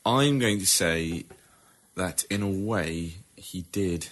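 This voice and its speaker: A man on a comedy podcast panel, making wry deadpan jokes in casual banter. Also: low voice, takes it slowly.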